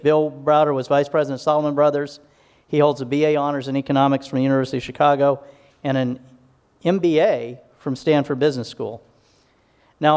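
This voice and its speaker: A man introducing a guest speaker at a live public talk, measured and warm, with personal asides. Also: on the high side. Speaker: event host introducing a speaker. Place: event hall.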